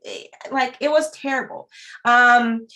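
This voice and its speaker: A woman's voice: fairly high pitch, measured pace. A woman guest on a podcast, chatting casually and acting out the voices in her stories, with frequent fillers. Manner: animated storyteller who acts out quoted voices. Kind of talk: casual chat.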